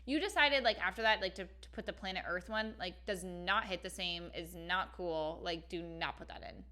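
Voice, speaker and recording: A young woman co-hosting a podcast in casual chat, animated and full of "like" fillers, cursing freely. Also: lowish voice, normal speed. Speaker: podcast co-host.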